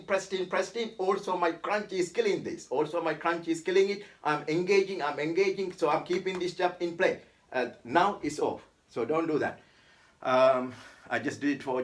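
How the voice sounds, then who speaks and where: A man giving a casual workout tutorial as a fitness instructor, talking in a chatty, repetitive way and often calling his viewers "guys". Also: on the high side. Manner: chatty, repeats "guys" and "right?", calls the abs "this man".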